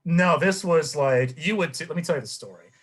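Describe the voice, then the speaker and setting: A man's voice: a little high, brisk, husky. A young man in casual podcast chat, telling a story with energy and acting out the quotes. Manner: animated storyteller, acts out quotes. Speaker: podcast co-host.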